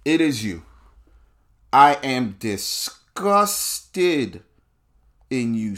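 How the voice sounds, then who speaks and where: A man in the middle of a profane monologue, his voice at an ordinary middle pitch. He jumps from loud, quick outbursts to slow, hushed asides as he goes. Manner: profane, animated, swings between loud bursts and low drawn-out asides. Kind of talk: political rant monologue.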